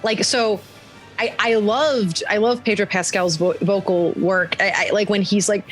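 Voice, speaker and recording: A woman's voice: medium pitch, steady tone, a little slow, faint music behind. A young woman chatting casually on a podcast, telling stories animatedly and acting out quotes with laughter. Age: young adult. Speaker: podcast guest. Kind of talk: casual chat.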